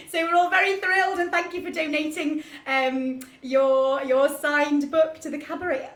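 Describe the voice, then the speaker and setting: A woman's voice: high-pitched, fairly even intonation, moderate pace, hardly any pauses, fairly bright tone. A woman hosting an online cabaret from home, chatting in a giggly, self-mocking, camp way and laughing at her own jokes. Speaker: cabaret host. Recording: roomy echo with piano music behind.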